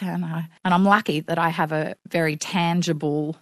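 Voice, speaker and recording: A woman's voice: deep voice, little pitch movement, fairly quick, fairly bright tone, no room sound, studio quality. A middle-aged woman, a guest in an interview, talking frankly with wry humour and acting out what others said. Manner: frank, wry storytelling with acted-out quotes. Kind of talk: conversational interview.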